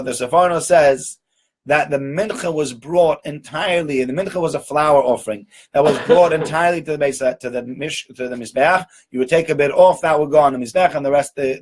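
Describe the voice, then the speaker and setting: A man giving an informal Torah lecture in a conversational way, often checking in with "right?" and doubling words for emphasis. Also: mid-range voice. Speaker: rabbi giving a Torah talk.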